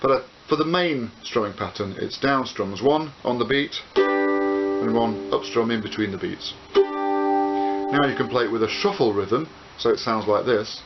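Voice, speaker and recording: A man's voice: medium pitch, unhurried, loud music behind the voice. Man teaching ukulele, calling chords. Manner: relaxed explanatory, with frequent "uh" fillers. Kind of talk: instructional tutorial, counting and calling chords while playing. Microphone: camcorder microphone. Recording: dull hissy camcorder audio with loud ukulele. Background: ukulele playing.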